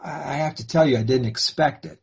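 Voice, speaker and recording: Husky-voiced man telling a sermon story. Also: on the high side, fairly quick, lo-fi sound. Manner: swings between hushed and fervent. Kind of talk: dramatic first-person sermon storytelling.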